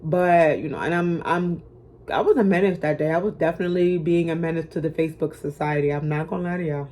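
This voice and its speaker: Young woman spilling a story, lowish voice, blunt and slangy, swears a lot. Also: fast, dark tone. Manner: blunt, profane, slangy, self-mocking. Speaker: storytime vlogger. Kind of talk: casual storytelling to camera.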